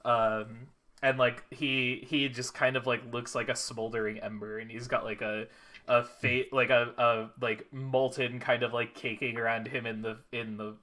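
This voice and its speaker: A man running a tabletop game as game master, narrating in a halting way with many fillers. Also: medium pitch, level tone, sharp tone.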